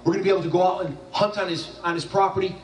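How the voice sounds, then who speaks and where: A man's voice: sits high, steady tone, very fast. A man giving a graduation speech, telling a funny story in a loose, jokey way with frequent restarts. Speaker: graduation speaker. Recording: echoey hall from far off.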